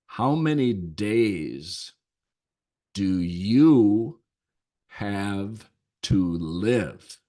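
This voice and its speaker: A man hosting a leadership podcast, telling a personal story in a thoughtful, unhurried way with lingering pauses. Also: lowish voice. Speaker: leadership coach and podcast host.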